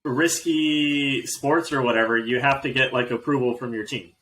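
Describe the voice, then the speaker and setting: A man's voice: medium pitch, normal speed, reverberant, slight background noise, rough recording. A man co-hosting a sports podcast, talking casually with hesitations and filler words. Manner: relaxed, hesitant, lots of fillers like "like". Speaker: podcast co-host.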